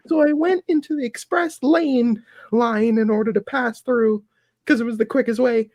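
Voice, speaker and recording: A man with a notably high voice tells a story on a podcast, laughing as he goes. He speaks close to the mic, and the sound is dry with no room echo. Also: normal speed. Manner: laughs through his own story, animated. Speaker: podcast guest. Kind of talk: casual storytelling.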